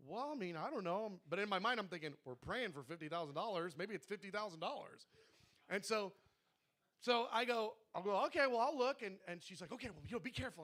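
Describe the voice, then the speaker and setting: Male prayer leader, high bright voice, lively storyteller who acts out dialogue, testimony to a congregation. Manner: animated storytelling, acting out quoted dialogue.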